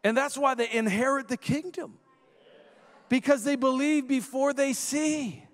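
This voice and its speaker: A man in his thirties preaching a sermon, telling a family story in an animated way, acting out the voices and rising to shouts. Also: very high-pitched, a little slow. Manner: animated storyteller who acts out quoted voices and rises to shouts. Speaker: guest preacher. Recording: long echoing hall reverb.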